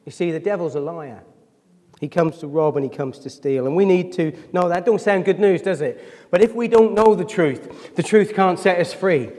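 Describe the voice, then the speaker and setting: A man's voice: high voice, moderate pace, dark tone, big-room sound. A man preaching a sermon as pastor. He talks emotionally, nears tears, and keeps asking his congregation questions. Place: church hall.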